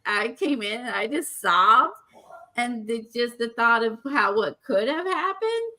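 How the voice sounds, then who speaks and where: A woman with a bright, forceful voice, chatting casually to her viewers. She tells a long personal story loosely, with frequent fillers and restarts. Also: a little high, very animated, measured pace. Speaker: art vlogger. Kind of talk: casual chat.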